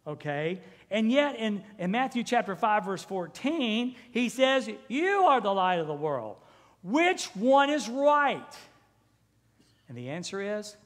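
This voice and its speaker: Man, pastor preaching, lively and theatrical, high voice, long church reverb. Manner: animated preaching, acting out quoted voices. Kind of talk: sermon. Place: church sanctuary.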